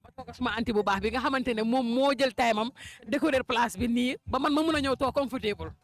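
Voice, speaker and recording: A man's voice: extremely high pitch, fast talker, fairly bright tone. A man interviewing guests at an event, friendly and teasing. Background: music.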